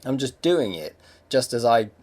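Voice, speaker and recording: A man's voice: medium pitch, very animated, moderate pace, darkish tone. A young English man hosting a podcast, talking in a rambling, reflective monologue with many fillers and restarts. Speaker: podcast host. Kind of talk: casual monologue.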